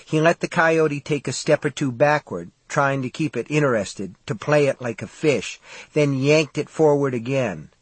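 Husky male audiobook narrator. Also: medium pitch, normal speed, no echo. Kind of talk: scripted narration.

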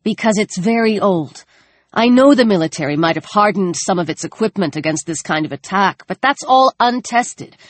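Pleading soldier, male, desperate and urgent, woman reader doing the voice, pushed up high and loud. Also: lively intonation, moderate pace, no room sound.

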